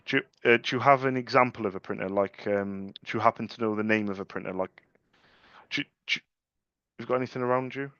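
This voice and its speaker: A cheeky young man talks in an office, quick with a joke and quicker to laugh at it. The sound is dull and lo-fi, with no room echo at all. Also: fairly low pitch, bright, forceful tone, clear, resonant tone. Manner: cheeky, jokey, laughs at own lines. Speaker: salesperson cold calling. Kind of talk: phone sales banter, retold.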